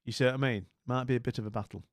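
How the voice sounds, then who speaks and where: A man's voice: mid-range voice, steady tone, racing, no echo, studio quality. A man streaming casually, rambling and bemused as he talks to viewers, with many restarts and asides. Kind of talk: casual live-stream commentary.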